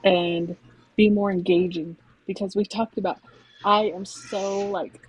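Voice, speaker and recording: A woman basketball coach talking in a soft-spoken, reserved way about her team in a casual conversation. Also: medium pitch, fairly even intonation, a little slow, slightly rough, no echo, rough recording.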